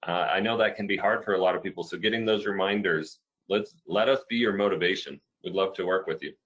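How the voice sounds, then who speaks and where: A man's voice: low-pitched, fast talker, fairly bright tone, poor audio. A man hosting a physical therapy webinar, encouraging viewers and answering their comments in a casual, upbeat way.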